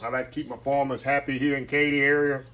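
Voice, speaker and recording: A man's voice: mid-range voice, flat delivery, fast talker, fairly bright tone, a little hiss or hum. Folksy man hosting a cooking vlog. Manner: folksy, chatty, savoring food with hums. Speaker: cooking channel host.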